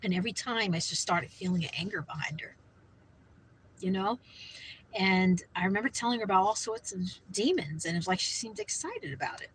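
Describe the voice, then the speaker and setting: A woman's voice: mid-range voice, animated, fairly quick, a bit bright, a little hiss or hum, poor audio. A woman speaking fervently about faith and spirits, warning listeners with many "you know" fillers. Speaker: Christian vlogger. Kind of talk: earnest religious talk.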